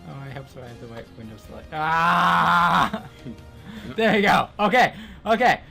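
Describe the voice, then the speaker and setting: A man co-hosting a casual gameplay chat, jokey and excitable with quick outbursts. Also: mid-range voice, gravelly, faint music behind. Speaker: co-host.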